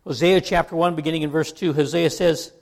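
A pastor giving a relaxed, conversational sermon, folksy and joking, often restarting his sentences. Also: fairly high pitch, a little fast, gravelly.

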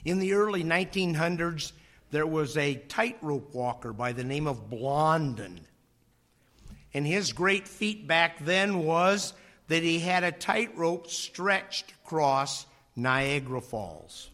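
A man preaching a sermon, slow and dramatic, dropping to a near whisper on key phrases and acting out voices in his stories. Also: fairly high pitch, a bit bright. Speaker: pastor.

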